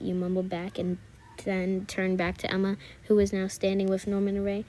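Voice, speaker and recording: A woman narrating a romantic fan story in a calm, soft, steady voice. Her tone is mellow and dark-edged, with very little rise and fall. She reads at an unhurried, even pace. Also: mid-range voice. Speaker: story reader. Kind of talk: reading second-person fan fiction aloud.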